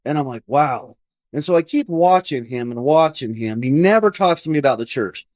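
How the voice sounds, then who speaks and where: A man's voice: a little high, expressive, darkish tone, no echo. Earnest storytelling man, dry close sound. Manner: earnest, quick, acts out his own past thoughts. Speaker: podcast guest. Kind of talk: personal storytelling in conversation.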